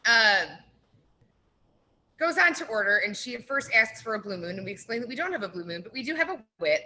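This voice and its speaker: A woman guest on a radio show telling a long, lively anecdote, full of "like" and acted-out quotes. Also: a little high, quick pace, slight background noise, rough recording. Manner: lively storyteller, heavy use of "like". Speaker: brewery guest. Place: radio studio.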